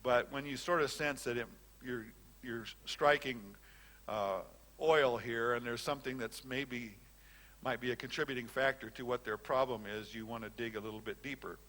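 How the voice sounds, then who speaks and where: A man's voice: mid-range voice, fairly even intonation, moderate pace, fairly bright tone. An older man giving a conversational classroom lecture as a Bible teacher, often repeating and restarting phrases.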